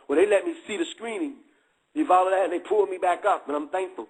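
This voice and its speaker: A man's voice: sits high, fast talker, breathy edge, rough recording. A middle-aged man giving a candid testimony in street slang, checking again and again that listeners follow.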